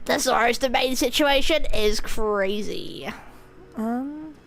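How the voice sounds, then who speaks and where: A woman's voice: a little high, slow, gravelly. A woman streaming a video game, giving rambling, giggly, self-mocking commentary. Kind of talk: casual gameplay commentary.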